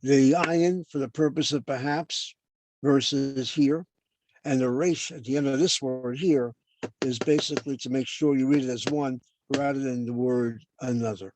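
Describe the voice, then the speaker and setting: A man's voice: mid-range voice, fairly even intonation, normal speed, a little mellow, slight background noise. An older man lecturing as a professor over a video call, explaining points and then asking and answering his own questions.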